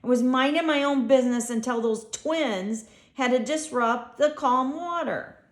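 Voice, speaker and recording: A woman voicing a grumpy, hot-tempered male hippo who complains loudly and pities himself, for a storybook. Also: sits high, measured pace, pitched above the performer's own voice. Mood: sulking. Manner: loud, self-pitying complaining. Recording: echoey room.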